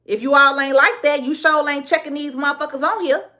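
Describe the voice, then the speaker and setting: A woman's voice: sits high, brisk, bright, forceful tone. A woman with a Chicago accent ranting live into her phone. She talks bluntly, circles back over the same points, and slips easily into street slang. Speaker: livestream host. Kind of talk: casual livestream rant.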